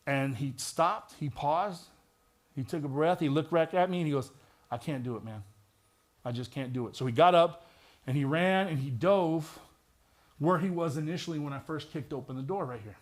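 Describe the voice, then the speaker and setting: This man's voice sits on the high side and moves at a moderate pace. He's a middle-aged retired police detective delivering a vivid personal testimony in church, with flashes of wry humor.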